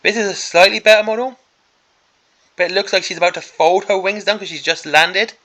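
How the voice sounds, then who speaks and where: Gravelly, exasperated miniatures vlogger man. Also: high voice, fairly even intonation, fairly quick, bright, forceful tone. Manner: exasperated, sarcastic. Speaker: miniatures hobby channel host. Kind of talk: ranting preview commentary.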